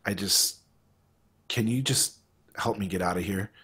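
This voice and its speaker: A man voicing a frightened, tearful man who speaks haltingly, in a tabletop game. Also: fairly low pitch, sharp tone, breathy edge, exaggerated voice. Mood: shaken. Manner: hesitant, halting.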